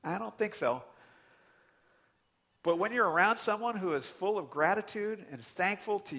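A man preaching a sermon as pastor, animated and conversational, with sudden loud outbursts. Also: high voice, moderate pace, pauses often.

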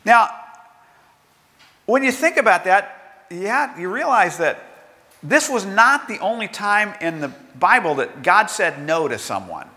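Older male pastor, chatty sermon delivery with rhetorical questions; bright tone, church reverb. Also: high-pitched, sing-song, a little slow. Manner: conversational preaching with rhetorical questions and acted-out quotes.

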